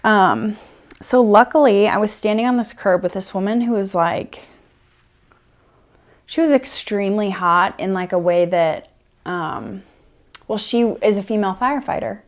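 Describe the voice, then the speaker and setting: A young woman rambling through a personal story in ASMR role-play, with plenty of fillers. She swings between soft, close murmurs and animated bursts. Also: mid-range voice, unhurried, long pauses. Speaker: ASMR creator.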